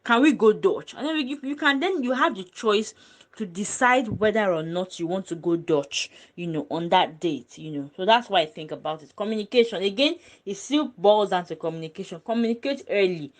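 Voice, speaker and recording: A woman's voice: mid-range voice, lively intonation, a little fast. A woman in a casual panel discussion, talking earnestly and emphatically, with frequent ums and restarts. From Nigeria. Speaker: panel guest.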